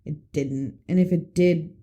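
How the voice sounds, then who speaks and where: A young mother, a podcast co-host chatting casually, blunt and quick to swear. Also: sits low, fairly even intonation, dark tone, dull audio. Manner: blunt, swears, dramatic about blood. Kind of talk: casual chat.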